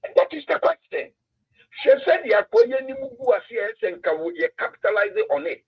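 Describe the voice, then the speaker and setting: A man's voice: high voice, wildly swooping pitch, fairly quick, creaky, breathy edge, dull audio. A man with a Ghanaian accent hosting a casual political talk stream, emphatic and repeating words for effect. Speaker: political commentator host.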